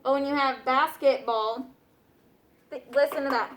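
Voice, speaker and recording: Woman teacher, high and bright, patient classroom instruction with frequent check-ins. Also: fairly even intonation, a little slow, slight background noise. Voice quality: clear, patient, questioning students often.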